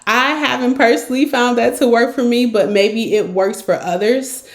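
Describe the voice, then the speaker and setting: A woman's voice: a little high, normal speed. A woman hosting a podcast, coaching listeners in a direct, encouraging way and acting out examples. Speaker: podcast host and consultant. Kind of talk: coaching monologue. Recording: roomy echo.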